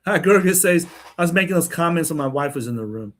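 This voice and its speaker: Man, livestream host, casual monologue; brash, blunt delivery, a touch higher pitched than most. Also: lively intonation, fairly quick. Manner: repeats "man" and "okay?" as tags.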